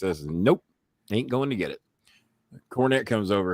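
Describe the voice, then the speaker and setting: A man hosts a loose chat show, telling rough, cursing stories with a lively, rising and falling delivery. His voice sounds close and dry, with no room around it. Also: fairly low pitch, moderate pace, long pauses, no room sound. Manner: profane, animated storyteller. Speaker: show host. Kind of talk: casual storytelling chat.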